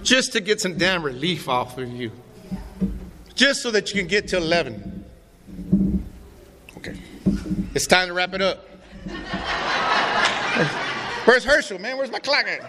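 A middle-aged man's high, sing-song voice unfolds slowly, with long pauses, as he gives his testimony to a recovery meeting. He tells his own story in a raw, profane, streetwise manner. The recording catches a reverberant hall and faint room noise.

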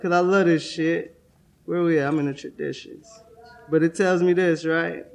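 In a convention room, a young man gives a testimony-style talk at a recovery convention workshop, his voice on the high side, creaky, and steady in tone at a moderate pace. He sounds streetwise and swears freely, tacking "right?" onto nearly every thought.

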